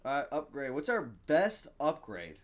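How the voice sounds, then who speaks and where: Excitable man thinking aloud while gaming. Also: on the high side, unhurried. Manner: excitable, thinks aloud, reads card text aloud, bursts into loud cheers. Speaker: gameplay streamer. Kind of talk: live gameplay commentary.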